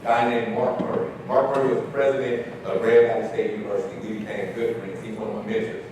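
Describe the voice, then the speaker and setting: A man's voice: fairly low pitch, fast talker. Man giving a keynote in an echoey hall. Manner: animated, repeats key phrases for emphasis. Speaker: conference keynote speaker. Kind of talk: inspirational storytelling speech. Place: large conference hall. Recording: echoey hall from far off, noisy.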